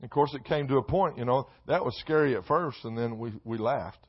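A man preaching a sermon in a church, mixing loud emphatic lines with comic asides. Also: medium pitch, brisk, husky, dull audio. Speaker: pastor. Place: church sanctuary.

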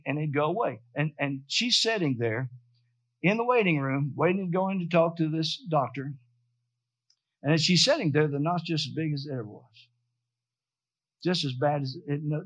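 Brief: older male pastor preaching, higher voice, dry lo-fi recording. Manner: storytelling, punctuated with hallelujahs and amens. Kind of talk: sermon. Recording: dry, dull lo-fi sound.

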